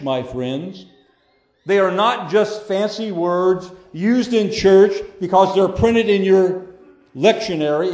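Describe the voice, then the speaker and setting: A man preaching a sermon as pastor, emphatic, repeating phrases and swinging between loud declarations and hushed words. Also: fairly high pitch, roomy sound.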